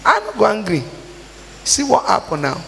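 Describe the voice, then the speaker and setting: Gravelly Nigerian woman preaching, reverberant. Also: mid-range voice, wildly swooping pitch, moderate pace, bright, forceful tone. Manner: mixes in Nigerian Pidgin, acts out quoted dialogue. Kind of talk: sermon with storytelling. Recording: long reverb with faint hiss.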